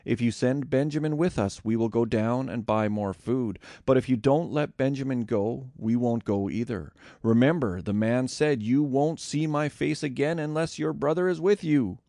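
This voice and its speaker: A man's voice: mid-range voice, normal speed, creaky, few pauses, warm tone, no echo, studio quality, close to an everyday voice. A man reading the part of an earnest brother pleading with his father, with an urgent delivery.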